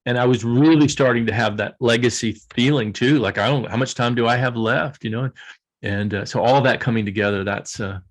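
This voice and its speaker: A man's voice: mid-range voice, brisk. An older man being interviewed as an author, speaking earnestly and emotionally, often laughing through his stories. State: tearful. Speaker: guest author. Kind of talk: emotional reflective interview talk.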